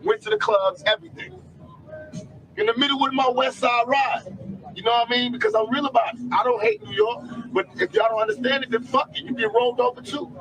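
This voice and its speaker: A man's voice: very high voice, fast talker, slight background noise, poor audio. A man giving a heated, profane interview, telling his story emphatically in an archival recording. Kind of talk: candid interview.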